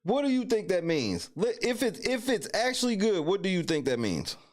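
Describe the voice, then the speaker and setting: Animated, high-voiced mocking male streamer. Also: normal speed. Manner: loud, mocking, heavy slang and swearing. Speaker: stream host reacting to news clips. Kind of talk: profane live reaction commentary.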